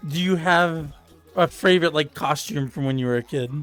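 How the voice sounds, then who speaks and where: A man's voice: fairly high pitch, normal speed, a bit bright, smooth, faint music behind. A man hosting a casual interview, asking brief questions broken by fillers.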